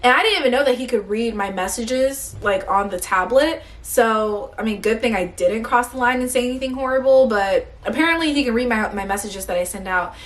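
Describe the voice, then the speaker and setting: A young woman vlogger telling a workplace story in a blunt, animated rant, swearing often and sounding tired and hungry. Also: fairly high pitch, brisk, hardly any pauses.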